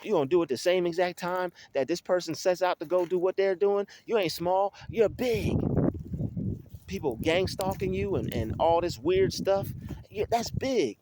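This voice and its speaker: Man, slightly high voice, emphatic and preachy, faint background noise. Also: normal speed. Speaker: motivational vlogger. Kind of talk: casual motivational monologue.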